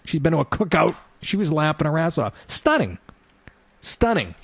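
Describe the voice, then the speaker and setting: A middle-aged man on talk radio tells rambling, profane stories and often laughs mid-sentence. His voice sits fairly high, a bit bright and slightly rough with vocal fry, and he talks fast in a casual storytelling style.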